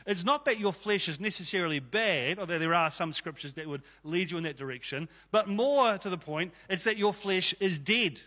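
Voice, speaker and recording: A man's voice: high voice, pushed and bright. A man, preaching a casual, jokey sermon as pastor into a stage microphone in a church hall. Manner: chatty, jokey, conversational preaching.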